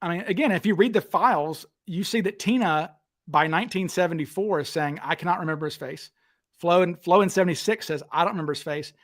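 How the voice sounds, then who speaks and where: A man with a high voice hosts a relaxed talk show. He tells stories eagerly and jumps into other people's voices when he quotes them. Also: fast. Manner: animated, acts out quotes with raised voice. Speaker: podcast host. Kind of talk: casual storytelling chat.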